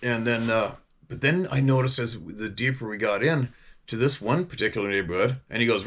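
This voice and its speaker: A man's voice: medium pitch, a little fast, fairly bright tone. A middle-aged man from Vancouver Island, a hunting guide telling stories in a rambling, profane way that often restarts mid-sentence. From Vancouver Island, Canada. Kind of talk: casual storytelling.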